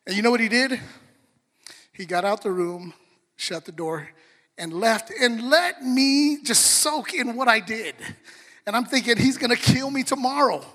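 A man's voice: extremely high pitch, measured pace, pauses often, pushed and bright. A middle-aged man preaching a sermon, telling a story animatedly and speaking directly to the congregation. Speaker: pastor. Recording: long hall reverb.

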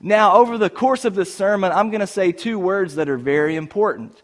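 A man's voice: high-pitched, a little fast. A pastor preaching a sermon to his congregation, conversational and playful, with humorous asides. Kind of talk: sermon with prayer. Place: church sanctuary before a congregation.

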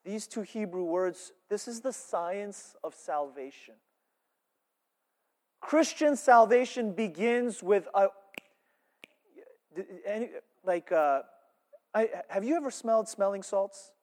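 A male pastor preaching a sermon, animated, swinging between loud emphasis and hushed asides. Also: high-pitched, takes it slowly, pauses often. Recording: reverberant church hall.

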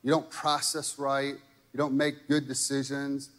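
A man's voice: medium pitch, completely flat delivery, measured pace, fairly bright tone, big-room sound. A man preaching a sermon in a casual, conversational way, often checking in with the crowd by asking "right?" and "okay?". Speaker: pastor.

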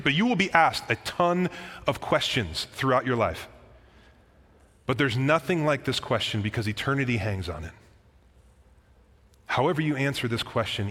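A man's voice: fairly low pitch, fairly bright tone. A man preaching a sermon as pastor, earnest and emphatic, with casual asides to the congregation. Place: church sanctuary. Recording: church hall reverb.

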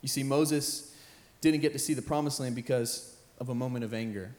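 A young man, a high school pastor, preaching an earnest sermon that repeats phrases and builds in intensity. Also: moderate pace, darkish tone. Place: church sanctuary with band playing behind. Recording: roomy church hall with live music.

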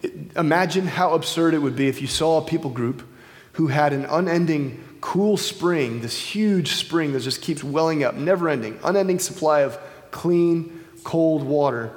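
Male preacher, slightly high voice, loose conversational delivery, reverberant hall. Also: normal speed. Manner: casual, conversational, many fillers and restarts. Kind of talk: informal sermon. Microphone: wireless microphone.

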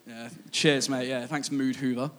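A man giving a casual, humorous sermon, laughing and growing excited as he jokes with the congregation. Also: medium pitch, a little slow. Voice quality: playful, laughing, rising excitement when amused. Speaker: preacher.

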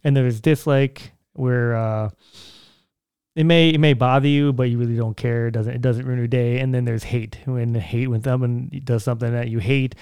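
Rambling man with a smooth, dry voice. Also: medium pitch, fairly even intonation, moderate pace, a little mellow, no echo. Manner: rambling, conversational, many fillers and restarts. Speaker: podcast host. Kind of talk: casual solo podcast monologue.

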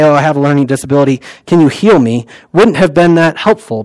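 A man preaching a sermon in a conversational way, with many fillers, and reciting prayers softly. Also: a little high, dry recording, poor audio.

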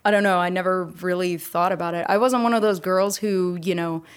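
A young woman co-hosting a podcast, telling a story in an animated way and laughing often. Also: on the low side, brisk, clear, resonant tone. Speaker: podcast co-host. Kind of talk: casual chat.

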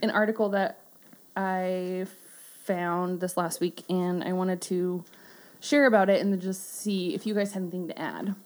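A woman's voice: lowish voice, steady tone, normal speed, a little mellow. Giggly twenty-something woman hosting a chatty podcast, laughs a lot. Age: 20s. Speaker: podcast host. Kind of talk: casual chat.

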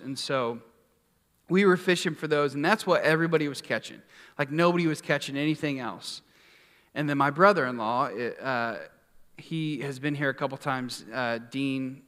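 A man's voice: medium pitch, fairly bright tone. Guy pastor rambling thru a story, um and like everywhere, big echoey hall. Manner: casual, rambling, lots of fillers. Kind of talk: sermon storytelling.

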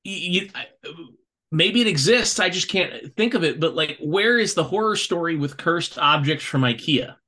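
A man's voice: a little high, animated, normal speed, pushed and bright. A man co-hosting a casual podcast chat, talking in jokey, rambling asides. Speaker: podcast co-host.

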